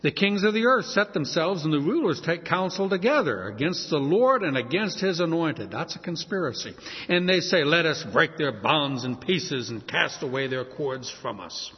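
A man's voice: on the high side, animated, normal speed, slightly rough. A man preaching a sermon, reading scripture aloud and explaining it verse by verse. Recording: echoey hall, dull lo-fi sound.

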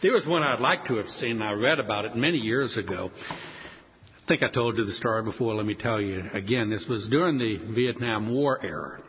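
An older man preaching a sermon, telling stories and acting out voices with sudden high leaps. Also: a little fast, slight background noise. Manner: animated, acts out quoted voices with big pitch leaps. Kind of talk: sermon storytelling. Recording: dull sound with long hall reverb.

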